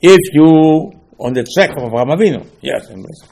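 Rabbi guy, husky voice, stops and restarts a lot, teaching torah. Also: on the high side, expressive, a little mellow. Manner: non-native English, halting restarts, rising emphasis. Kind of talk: Torah class sermon.

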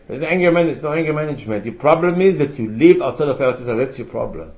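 A man's voice: mid-range voice, racing, darkish tone, low-quality recording. A man teaching a religious class, asking rhetorical questions and quoting Hebrew sources with emphasis. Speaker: rabbi teaching a Torah class. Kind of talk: religious lecture.

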